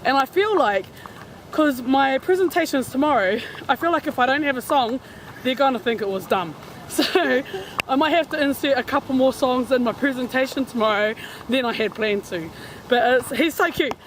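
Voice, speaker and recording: A woman's voice: high voice, animated, normal speed. A woman with a New Zealand accent chatting playfully for her travel vlog, laughing often. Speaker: vlogger. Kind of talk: casual travel vlog chat. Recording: street and traffic noise.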